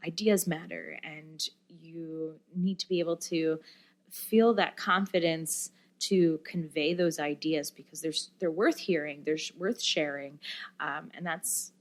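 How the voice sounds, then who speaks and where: A woman being interviewed on a podcast, telling a story in a lively, casual way with lots of fillers and acted-out quotes. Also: low voice. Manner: animated storyteller, many fillers, acts out quoted voices. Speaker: guest, musician and camp director.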